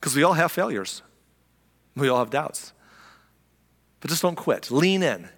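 A man preaching a sermon as pastor, animated and conversational, repeating key lines for emphasis. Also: a little high, measured pace, pauses often, long reverb tail.

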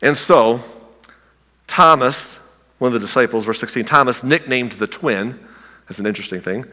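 A pastor teaching verse by verse in a bright, forward voice, loose and joking, often circling back to restart a thought. His words carry with a long echo through a church sanctuary. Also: medium pitch, normal speed. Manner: conversational and humorous, with frequent restarts. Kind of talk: sermon with verse-by-verse Bible teaching.

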